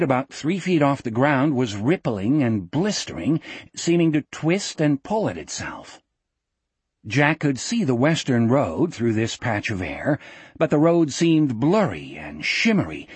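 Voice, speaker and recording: Husky male audiobook narrator. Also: mid-range voice, no echo. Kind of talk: scripted narration.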